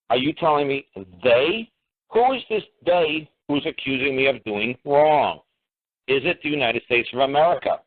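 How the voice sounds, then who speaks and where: A man talking insistently on a radio talk show, firing off repeated rhetorical questions that grow heated. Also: medium pitch. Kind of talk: emphatic call-in radio talk. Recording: tinny phone-line radio audio.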